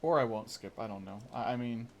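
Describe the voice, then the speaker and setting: A man's voice: mid-range voice, fairly quick, dull audio, a little hiss or hum. A man rambling through casual live gameplay commentary, full of fillers and restarts. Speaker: game streamer.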